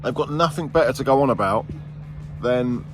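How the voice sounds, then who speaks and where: A man's voice: medium pitch, moderate pace, over music. A man chatting casually on an outdoor work site as he vlogs about his landscaping business, bantering and rambling. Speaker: vlogger, landscaping business owner. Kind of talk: casual on-site vlog chat.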